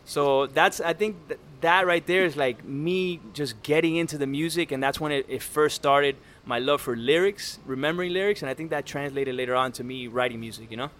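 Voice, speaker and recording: A man guest on a podcast, relaxed and rambling as he tells stories in casual conversation, with a faint hiss behind. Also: fairly high pitch, brisk, few pauses. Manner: relaxed storytelling with fillers.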